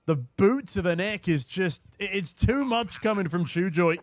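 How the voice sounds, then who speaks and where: A hoarse young man casting an esports match from a booth, with quick, joking play-by-play. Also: sits high, lively intonation, dry recording. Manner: quick, jokey, punning play-by-play. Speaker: esports caster. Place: casting booth at a live event.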